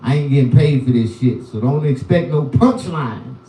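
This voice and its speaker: A man's voice: mid-range voice, moderate pace, warm tone, recorded from a distance. A man doing loose, rambling stand-up on a live stream, with a profane and repetitive manner. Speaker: comedian. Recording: roomy sound, voice from the mic.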